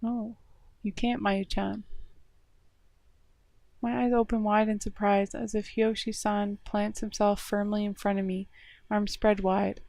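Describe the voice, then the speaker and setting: A woman's voice: medium pitch, a little mellow, dry recording. A woman game streamer reading a visual novel aloud on a live stream, narrating with short offhand asides.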